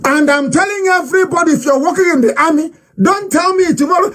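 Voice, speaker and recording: A man with a Nigerian accent giving a fiery, defiant political broadcast speech, repeating phrases for emphasis and sometimes shouting. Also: very high voice, lively intonation, normal speed. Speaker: political movement leader giving a live address.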